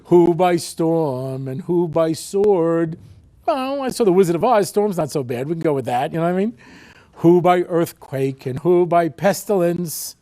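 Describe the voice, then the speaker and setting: Man in his 60s, high-pitched, wry, animated, comic storytelling lecture. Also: unhurried. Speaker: rabbi lecturer. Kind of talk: humorous lecture.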